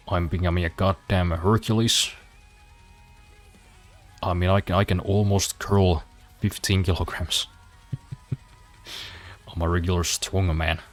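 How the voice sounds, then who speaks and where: A man with a very deep voice talks loosely over a racing game, tossing off dry, self-mocking jokes. Faint game music runs quietly behind him. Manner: dry self-deprecating humor, swears casually. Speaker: streamer. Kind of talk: casual gameplay commentary.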